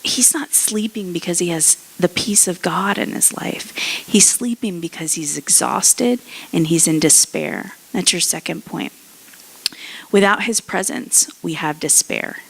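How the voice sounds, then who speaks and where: Slow-talking woman pastor preaching. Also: lowish voice, vocal fry, breathy edge. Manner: conversational preaching, acts out characters' voices. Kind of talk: sermon.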